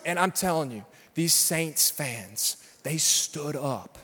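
A male pastor telling a story in a sermon, then rising into loud, shouted preaching in a large church. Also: fairly high pitch, expressive, slow, slightly rough. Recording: long hall reverb.

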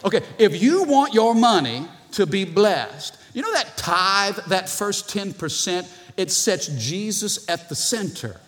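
A man preaching a sermon as pastor in a church, animated, with playful asides to the congregation. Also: high voice, a little slow, few pauses. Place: church sanctuary. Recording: long hall reverb from the church.

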